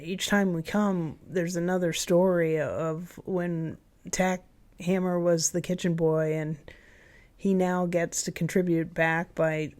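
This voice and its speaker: A woman's voice: on the low side, level tone, slow, darkish tone. A woman in her fifties, a guest in a casual interview chat, who meanders and restarts her sentences. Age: 50s. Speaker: camp owner, guest.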